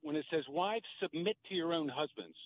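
A man's voice: fairly high pitch, lively intonation, normal speed. Earnest male caller on a phone line. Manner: earnest, quotes scripture. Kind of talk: phone-in talk. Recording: tinny phone line with faint noise.

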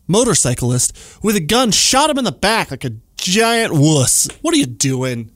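A man's voice: fairly high pitch, very animated, moderate pace, hardly any pauses, a bit bright, no echo, clean studio sound. A man hosting a comedy news segment on the radio, joking and making sarcastic asides. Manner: jokey, playful, sarcastic asides. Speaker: radio show host.

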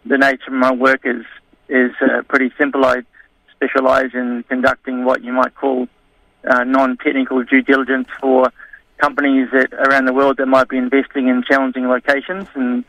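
A man's voice: mid-range voice, monotone, normal speed, a bit bright, dull audio. A man speaking as a guest in an interview, hesitant, with many fillers and restarts. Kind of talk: conversational interview.

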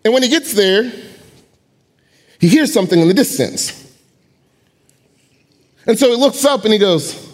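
A man preaching a sermon, telling a story with lively acted-out voices. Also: sits high, measured pace, long pauses. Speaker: pastor.

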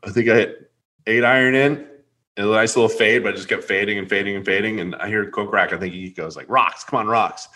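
A young adult man telling a story in casual chat. He is animated and acts out the quotes with big leaps up in pitch. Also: a little fast. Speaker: podcast host.

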